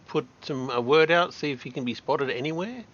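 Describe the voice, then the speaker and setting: A man's voice: a little high, a little fast, fairly bright tone, highs cut off. A man playing a tabletop game, talking in character in a chatty, explaining way. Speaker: player.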